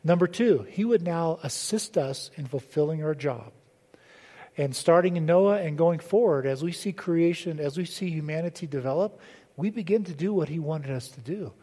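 A man's voice: on the high side, expressive, normal speed, dark tone, in a large hall. A male pastor preaching a sermon in a conversational way, asking the congregation questions as he goes.

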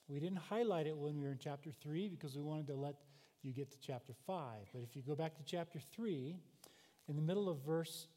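A man's voice: fairly high pitch, warm tone. A male pastor preaching a sermon, explaining scripture emphatically and asking the congregation rhetorical questions, in a church. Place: church sanctuary. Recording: long hall reverb.

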